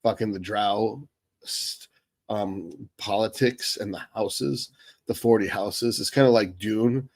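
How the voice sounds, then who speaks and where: A man's voice: lowish voice, takes it slowly, darkish tone, no echo. An American man hosting a live Q&A stream, reading viewer questions aloud and answering them bluntly with a lot of swearing. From United States.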